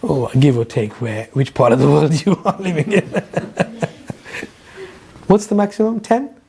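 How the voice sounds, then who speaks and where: A man's voice: on the high side, sing-song, takes it slowly, vocal fry, warm tone. A middle-aged man with a London accent, teaching a Quran lesson to a class in a conversational way, putting questions to the audience and telling stories along the way. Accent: London English. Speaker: Islamic teacher.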